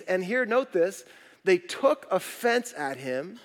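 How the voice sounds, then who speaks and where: A man's voice: high voice, sing-song, slow. A middle-aged male pastor giving a conversational sermon in a church, asking the congregation questions. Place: church auditorium. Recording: long reverb of a large hall.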